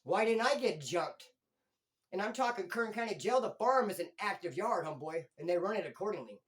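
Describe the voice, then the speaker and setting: A middle-aged man telling a story on his own channel in rough street slang. His voice rises loud, then drops to a hush, and his pitch is very lively. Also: fairly quick. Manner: street slang, swings between loud and hushed. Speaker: YouTube channel host. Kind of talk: storytelling monologue.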